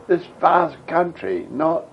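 A man's voice: fairly high pitch, husky, highs cut off. An elderly man with a rambling, reminiscing way of telling stories, interviewed for an oral history. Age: older. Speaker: veteran interviewee.

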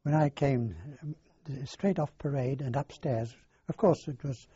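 An older man, recounting his past in a halting, rambling way in an oral history interview. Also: mid-range voice, mellow, husky, no room sound. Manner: halting, rambling storyteller with many fillers. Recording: dull lo-fi dry recording.

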